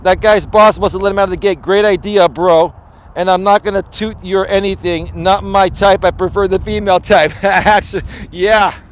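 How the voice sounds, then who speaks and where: A man's voice: high voice, fairly even intonation, moderate pace. A man hosting a live stream as a life coach, chatting casually in a boastful, teasing way with casual swearing, recorded outdoors. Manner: boastful, teasing, laughs at his own jokes.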